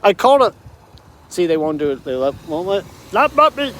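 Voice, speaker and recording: A man's voice: on the high side, sing-song, fast, fairly bright tone, a little hiss or hum. A man rambling playfully while walking and talking outdoors for his vlog. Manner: rambling, playful, jumps between topics. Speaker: vlogger. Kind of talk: rambling walk-and-talk vlog.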